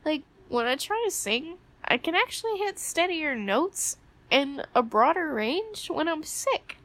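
A young woman with a stuffy, congested voice, soft and sleepy and given to giggles, in a whispered role-play as a sick girlfriend. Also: high-pitched, very animated, measured pace. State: congested from a cold. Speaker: ASMR performer playing a sick girlfriend.

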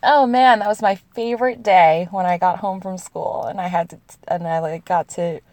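This woman speaks at a fairly low pitch with fairly even intonation, a little mellow, at normal speed and with no room sound. In her thirties and from the US, she answers questions with casual confessional storytelling, laughing often and using "like" heavily.

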